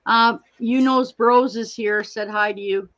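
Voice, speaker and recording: Woman host, unhurried rambling chat with viewers, dull lo-fi sound. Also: on the high side, steady tone, a bit bright. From Canada. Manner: chatty, rambling, reads out and greets viewers by name. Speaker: livestream host.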